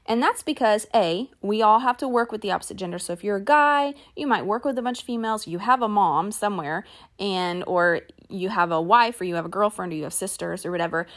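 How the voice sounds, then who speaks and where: This middle-aged woman hosts a casual solo podcast, speaking a little fast in a mid-range voice. She's chatty and earnest as she shares stories about her family.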